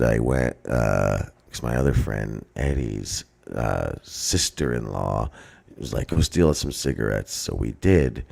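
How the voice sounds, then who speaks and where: Very deep gravelly man, rambling. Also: darkish tone. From New Jersey. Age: 40s. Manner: rambling, profane, halting with many uhs. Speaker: podcast co-host. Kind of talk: casual storytelling chat.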